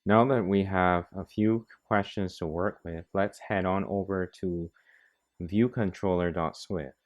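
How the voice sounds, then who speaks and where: Slow, deep-voiced man teaching code. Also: steady tone, highs cut off. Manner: slow, methodical, talks through each step. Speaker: programming tutor. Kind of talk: screen-recorded coding tutorial.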